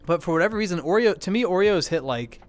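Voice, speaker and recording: A man with a fairly high, smooth voice, chatting casually on a livestream as he answers viewers. He rambles and restarts his sentences, apologizes often, and laughs easily. Soft music plays faintly behind him. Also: animated. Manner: rambling, self-correcting, quick to apologize and laugh. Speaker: livestreamer reading chat.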